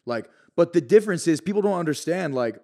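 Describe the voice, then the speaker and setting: A man's voice: on the high side, fast. A man from North Carolina chatting casually on a podcast, swearing freely and telling stories with animation. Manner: loose, profane, animated storytelling. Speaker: podcast guest and video creator.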